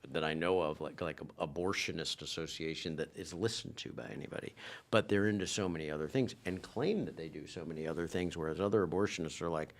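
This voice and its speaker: A man co-hosting a podcast in casual chat, talking in a rambling, halting way with many restarts. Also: sits low. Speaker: podcast co-host.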